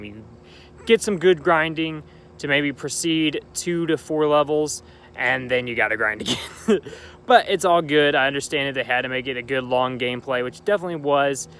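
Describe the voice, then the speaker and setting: A young man hosts a casual game playthrough, chatting and rambling in an upbeat way. His voice sits at a medium pitch, recorded outdoors at night with a faint hum in the background. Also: fairly bright tone. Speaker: gaming channel host. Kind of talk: casual let's-play commentary.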